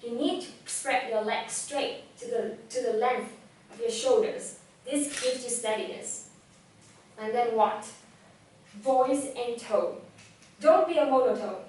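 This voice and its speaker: A young woman whose first language is Vietnamese, giving a lively, direct talk on public speaking to a live audience. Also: fairly high pitch, slow, a little hiss or hum. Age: young adult. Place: event hall. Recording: echoey hall, voice from far off.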